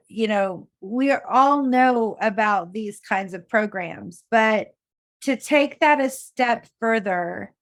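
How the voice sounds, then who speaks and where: A woman hosting a podcast interview, emotional and halting as she responds to her guest. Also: fairly high pitch. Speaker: podcast host. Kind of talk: interview conversation.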